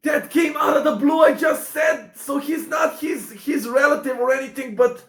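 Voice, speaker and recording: A young man recording a casual reaction commentary, excitable and exclaiming, often saying "man". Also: very high-pitched, normal speed, roomy sound, shouting. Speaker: YouTube reactor.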